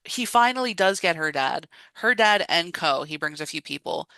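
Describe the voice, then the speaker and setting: Woman podcast co-host, casual chat, bright forceful tone, dry close sound. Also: fairly low pitch, moderate pace, dry recording. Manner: animated retelling with acted-out quotes; laughs often, frequent "like".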